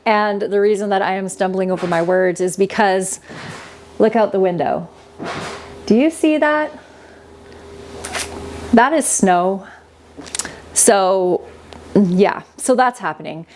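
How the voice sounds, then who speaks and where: A woman's voice: medium pitch, a little slow, a little mellow, a little hiss or hum. Chatty woman hosting a kitchen vlog. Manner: chatty, laughs easily. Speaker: homesteading channel host. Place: home kitchen. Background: faint compressor and power tools.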